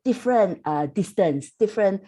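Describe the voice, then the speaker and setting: A woman's voice: medium pitch, lively intonation, mellow, husky. Older Singaporean woman explaining dubbing. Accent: Singaporean English. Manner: halting, many fillers, explanatory. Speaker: panelist, dubbing artist. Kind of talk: casual panel talk.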